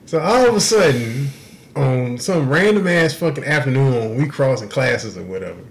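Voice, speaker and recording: Animated, profane man telling a story. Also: medium pitch, normal speed, gravelly. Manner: animated, profane, laughs through the punchlines. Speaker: podcast co-host. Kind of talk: casual storytelling.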